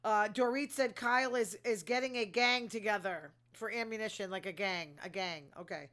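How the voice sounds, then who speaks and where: A chatty woman with a bright, sharp-edged voice, talking in a loose, gossipy way. She is opinionated and wanders off into asides, with plenty of fillers as she hosts her own recap show. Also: mid-range voice, moderate pace, few pauses. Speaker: host recapping reality TV. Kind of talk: casual gossipy commentary.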